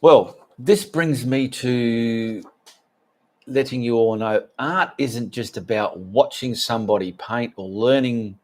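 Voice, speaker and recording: An Australian man hosts his live art stream and talks easily with his viewers. He reads their names and comments aloud in a friendly, conversational way. His voice sits at a middle pitch. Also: slow. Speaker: art channel host.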